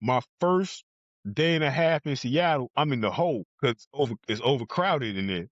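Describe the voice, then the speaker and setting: A man's voice: medium pitch, lively intonation, moderate pace, dry recording, highs cut off. A man from New Jersey telling a blunt, profane story as a podcast guest and acting out other people's lines. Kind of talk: casual storytelling.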